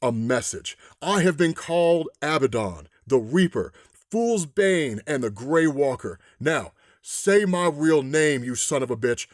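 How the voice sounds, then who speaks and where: A man voicing Death, a calm, menacing gunslinger in white who speaks slowly and low. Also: no room sound, studio quality. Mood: cold. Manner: slow, low and threatening.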